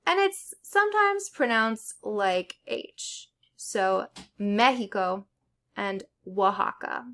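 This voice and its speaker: A woman teaches a Spanish pronunciation lesson, laying out each rule deliberately. Her voice sits a little high, and she speaks slowly, pausing to say each example word as a model. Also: big pitch swings, fairly bright tone. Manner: slow, deliberate explanation with model words. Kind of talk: spoken language lesson.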